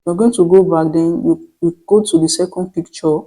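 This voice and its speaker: A tutorial host giving step-by-step instructions in a voice-over, with frequent restarts and slow dictation of prompts. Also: mid-range voice, steady tone, mellow, low-quality recording. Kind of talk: screen-recorded tutorial voice-over.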